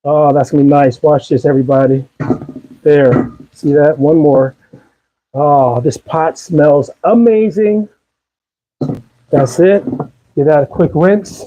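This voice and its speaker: A man with a Maryland accent hosts a livestream cooking demo from his home kitchen, chatting casually and upbeat as he coaxes viewers along. His voice is fairly high and warm, with a slow pace and long pauses, though the audio quality is poor.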